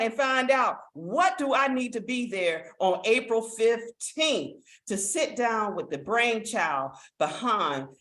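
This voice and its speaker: Upbeat woman pitching a business opportunity. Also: reverberant. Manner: enthusiastic, urging listeners to act. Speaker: network marketing meeting host. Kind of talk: sales pitch presentation.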